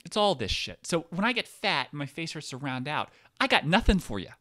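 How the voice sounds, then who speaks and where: A man's voice: on the high side, sing-song, brisk, hardly any pauses, sharp tone. A man ranting casually to his viewers from a chair, swearing often, rambling and cutting himself off. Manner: profane, rambling, self-interrupting. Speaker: vlogger. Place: seated indoors in a chair.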